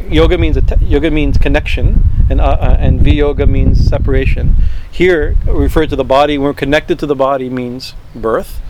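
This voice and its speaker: A man leads a verse-by-verse scripture class, slowly chanting Sanskrit words before translating them, with many fillers and restarts. His voice is medium-pitched with a darkish tone.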